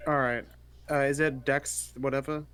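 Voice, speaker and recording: A man's voice: medium pitch, fairly even intonation, normal speed, fairly bright tone, clear, resonant tone. A man playing a tabletop game, talking casually and hesitantly with fillers. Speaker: player.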